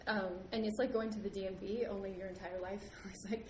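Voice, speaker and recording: A young woman from the United States tells a story in a casual, animated way. She laughs often and acts out the other people in it. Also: mid-range voice, brisk. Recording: roomy with background noise.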